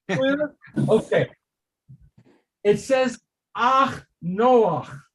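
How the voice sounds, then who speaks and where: An older man, a rabbi, teaching a casual Torah study class, slow and emphatic, often quizzing his listeners with questions. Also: high-pitched, slightly rough.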